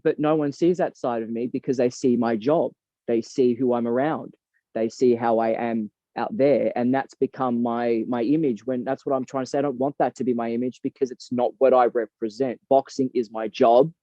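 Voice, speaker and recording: A man's voice: medium pitch, warm tone, no room sound. A man speaking as a guest in an interview, earnest and heartfelt, talking in a reflective, emphatic way. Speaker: boxing coach and guest. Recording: dull lo-fi dry recording.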